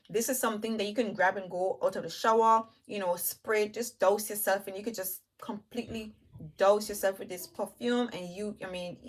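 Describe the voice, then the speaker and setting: A woman reviewing perfumes in a chatty way, talking straight to her viewers. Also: medium pitch. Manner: chatty, enthusiastic, addresses viewers as "you guys"; lists notes while smelling, with pauses and restarts. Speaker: beauty vlogger.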